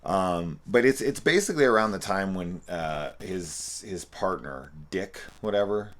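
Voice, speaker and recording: Man, very deep low voice, casual movie review, rambling, profane, amused. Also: animated, a little slow, a bit bright. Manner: rambling, profane and amused, with loose restarts and playful quoting. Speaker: film reviewer.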